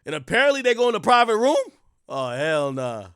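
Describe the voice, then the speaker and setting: A young man rants with excitable, profane energy, often laughing and breaking into loud bursts. His voice sits high for a man. The recording is close and dry, with no room sound. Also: a little fast, smooth, no echo. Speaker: streamer and commentator. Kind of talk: casual rant.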